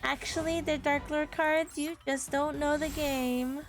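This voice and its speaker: A woman's voice: high-pitched, fairly even intonation, measured pace, background noise. A woman streaming a card game live, chatting with viewers in a playful, sarcastic way and laughing often. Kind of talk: casual live-stream chat while playing a card game.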